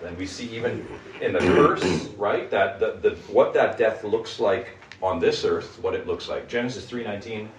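A man's voice: low voice, a little hiss or hum. A man leading a group Bible study. He teaches in an emphatic way and keeps asking the group questions. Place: room with a small group. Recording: echoey room, mic at a distance.

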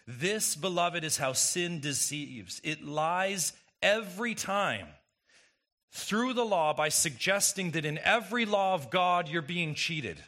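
A male pastor preaches with a lively, rising and falling delivery and a bright, forceful edge to his voice. He presses his points with rhetorical questions to his listeners, sounding emphatic throughout. His pitch sits a little above that of most men. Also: slow. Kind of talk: sermon.

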